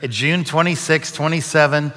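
A man preaching in a large church auditorium, his voice bright and forceful. Long reverb trails each phrase through the hall. He tells stories in a folksy, conversational way. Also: fairly high pitch, moderate pace. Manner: folksy joke-telling, conversational. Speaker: guest preacher. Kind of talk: sermon with storytelling.

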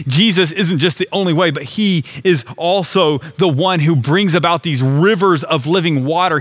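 A man with a slightly high-pitched voice preaches earnestly. He explains a scripture passage step by step and retells it in plain, conversational words. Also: fairly bright tone. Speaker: pastor. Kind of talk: sermon.

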